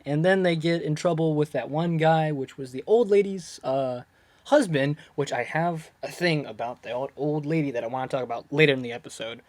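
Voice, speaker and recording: A person casually recapping a TV episode, rambling, laughing often, losing track of words and getting excited when puzzled. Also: mid-range voice, fairly quick. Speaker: video creator reviewing a TV episode. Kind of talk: casual chatty episode breakdown.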